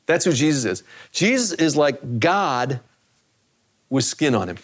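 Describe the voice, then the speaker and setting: A man's voice: a little high, very animated, a little slow, breathy edge. A man preaching a sermon in a conversational way, often repeating phrases for emphasis. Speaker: pastor.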